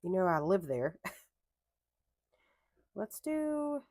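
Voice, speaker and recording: A woman's voice: mid-range voice, sing-song, very slow, darkish tone, no room sound, studio quality. A young adult woman chatting casually at a home craft desk, rambling into tangents and correcting herself as she goes. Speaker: planner vlogger. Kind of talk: casual chat while crafting.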